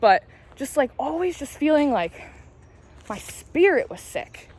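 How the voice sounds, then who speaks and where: A woman in her late twenties, a tarot reader and spiritual vlogger, talks while walking in a casual vlog, telling candid, rambling stories and confiding with the occasional swear word. Her voice sits high and is very animated, a little slow, with a darkish tone.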